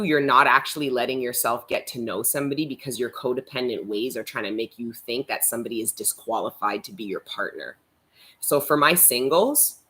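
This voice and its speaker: A woman's voice: very deep voice, a bit bright. A young woman doing a live tarot reading, chatting casually with viewers, laughing often and swearing now and then. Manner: chatty, laughs often, reads out chat comments. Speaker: tarot reader.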